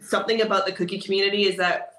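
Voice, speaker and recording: A woman, a guest who teaches cookie decorating, telling stories casually in an interview, animated and laughing often. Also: mid-range voice, very fast. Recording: roomy echo.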